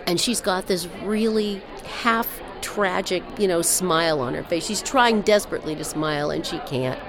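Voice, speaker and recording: A woman telling a personal story in a wry, animated way. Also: lowish voice, moderate pace, a crowd in the background. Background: music.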